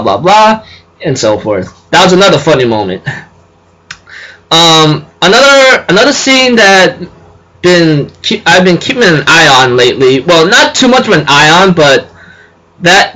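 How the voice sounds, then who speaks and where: A man's voice: sits high, pushed and bright, poor audio. A young man casually reviewing an anime episode, rambling, restarting sentences and laughing often.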